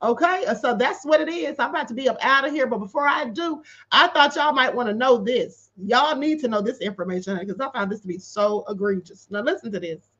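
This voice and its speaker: Woman streamer, high, lively voice, sassy commentary, dull lo-fi audio. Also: fairly quick, few pauses. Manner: sassy, animated, calls viewers honey; reads out viewer comments. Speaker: livestream commentary host. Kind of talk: casual commentary livestream.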